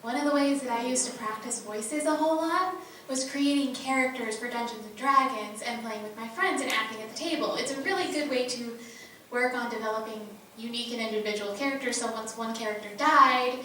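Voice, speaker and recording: A woman voice actress explaining her craft on a convention panel, lively. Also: fairly high pitch, fairly quick, a little hiss or hum. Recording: echoey hall from far off.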